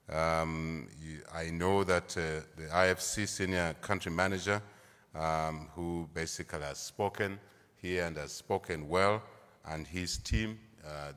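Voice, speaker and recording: Middle-aged Zambian man, very low voice, emphatic formal speech in a reverberant event hall. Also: a bit bright, smooth. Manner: emphatic, repeats key phrases for stress. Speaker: government leader.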